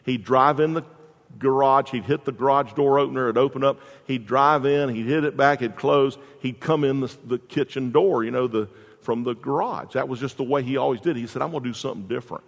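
A man with a mid-range voice preaches a sermon as a pastor at a moderate pace, his words carrying the sound of a big room. He tells stories in a folksy manner, often restarting his sentences.

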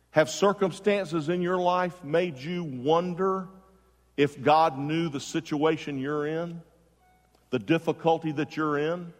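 Preaching man in a reverberant hall. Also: a little high. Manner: preaching with rising emphasis, direct questions to the congregation. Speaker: pastor. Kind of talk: sermon.

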